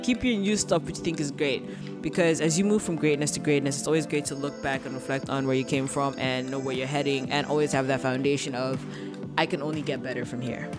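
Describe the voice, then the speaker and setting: A young adult woman hosting her podcast in a casual, upbeat way, full of "like" and "you know". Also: deep voice. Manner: chatty, upbeat, heavy use of "like" and "you know". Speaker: podcast host. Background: background music.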